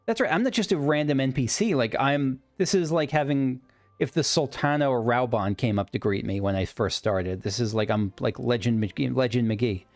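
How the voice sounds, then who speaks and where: A man's voice: medium pitch, moderate pace, a little mellow. A man casually commenting as he plays a video game, enthusiastic and rambling, often breaking off mid-sentence. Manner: enthusiastic, rambling, self-interrupting. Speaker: let's play host.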